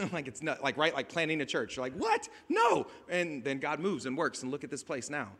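A man preaching a conversational sermon as a pastor, rising to emphatic shouts. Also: mid-range voice, a little fast, big-room sound. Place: outdoors at a beach gathering.

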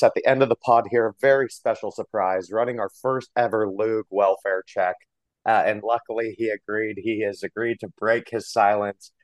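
A man's voice: fairly low pitch, dry recording. A man hosting a casual podcast, chatty and upbeat, often laughing. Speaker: podcast host.

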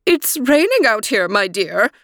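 A woman voicing an evil queen disguised as a squeaky old woman, who talks in a falsely sweet, wheedling way. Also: very animated, measured pace, a bit bright, no room sound, clean studio sound, heavily acted.

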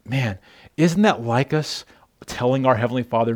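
A man's voice: medium pitch, normal speed. A man preaching a sermon who speaks emphatically and calls out directly to his congregation. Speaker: pastor.

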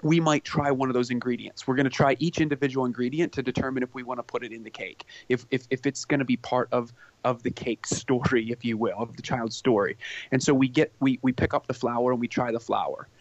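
A man's voice: medium pitch, steady tone, brisk, no echo, highs cut off. A man speaking earnestly on a podcast about parenting, often repeating words as he starts a thought. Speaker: parenting expert guest. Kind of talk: conversational podcast talk.

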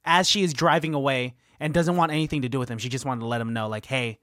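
A man co-hosting a casual podcast, excitedly retelling movie scenes and his own trips. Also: mid-range voice, fast talker, dry recording, studio quality. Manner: excitable, animated retelling with laughs. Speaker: podcast co-host. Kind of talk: casual chat about a movie.

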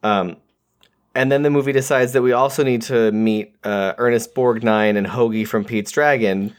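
A man co-hosting a podcast, rambling and animated as he recaps a movie in casual conversation. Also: mid-range voice. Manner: rambling, animated, quick to quote characters. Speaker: podcast co-host.

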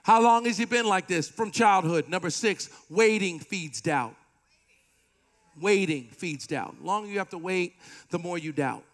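A man preaching a sermon with animated delivery, playful asides and call-and-response with the congregation. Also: high-pitched, measured pace. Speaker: pastor.

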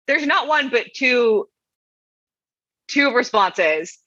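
A sarcastic woman co-hosts a podcast, her breathy, bright voice leaping up and down in pitch. The recording sounds dull and dry. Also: drawn-out words, no echo. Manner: sarcastic, animated. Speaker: podcast co-host. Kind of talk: casual chat.

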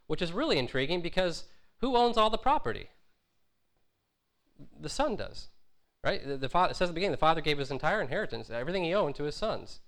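A man preaching a sermon in a relaxed, conversational way. He pauses on fillers, restarts his phrases, and acts out the quoted lines. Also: fairly high pitch.

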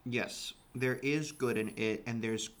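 A man's voice: medium pitch, steady tone, unhurried, slight background noise. A young man co-hosting a podcast, talking casually and hesitantly, often repeating himself and restarting. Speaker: podcast co-host.

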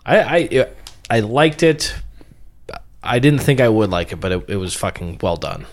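A man's voice: lowish voice, very animated, normal speed. A young man in casual podcast chat, easygoing and enthusiastic with many fillers.

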